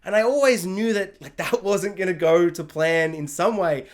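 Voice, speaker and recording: A man's voice: high voice, moderate pace, hardly any pauses. A man giving a casual, gushing TV episode review, rambling with lots of fillers. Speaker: TV review vlogger.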